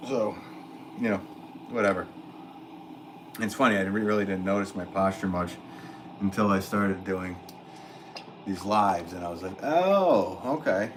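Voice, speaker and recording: A man's voice: deep voice, normal speed, long pauses. A male potter chatting casually on a live stream from his studio, reading out viewer comments, rambling and easygoing with lots of fillers and frequent laughs. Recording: steady background noise in the room.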